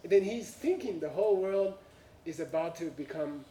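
Captured from afar in a roomy space with a bit of hiss or hum, a man recounts an anecdote for an audience in non-native English. His fairly high voice is expressive and warm at a moderate pace; he chuckles through punchlines and often says "you know" and "uh."

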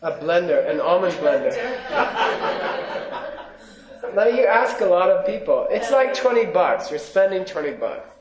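A man with a slightly high voice teaches a Buddhist class, reading Tibetan phrases slowly and then unpacking them with casual jokes for his students. The lo-fi recording sounds dull and roomy, as if taped in a teaching hall. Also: sing-song, a crowd in the background. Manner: casual, joking asides to the class, reads Tibetan lines slowly. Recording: echoey, dull lo-fi room recording.

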